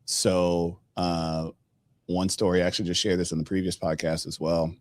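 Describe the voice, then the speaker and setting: A middle-aged man hosting a podcast, telling a personal story in a casual, animated way and acting out the dialogue. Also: sits low, normal speed, no echo. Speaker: podcast host.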